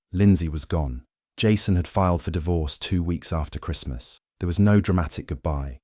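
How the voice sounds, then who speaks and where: A man reading a scripted first-person story in an even, measured way. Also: low-pitched, dry recording, clean studio sound. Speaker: story narrator.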